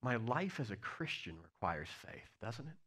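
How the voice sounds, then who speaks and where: A man preaching a sermon, telling stories with swings between loud bursts and hushed lines. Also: medium pitch, sing-song, normal speed, husky. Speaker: pastor.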